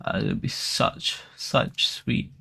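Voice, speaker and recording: A man's voice: slow pace, bright, forceful tone. A man giving casual live stream commentary on crypto charts as the analyst, rambling with lots of fillers and restarts.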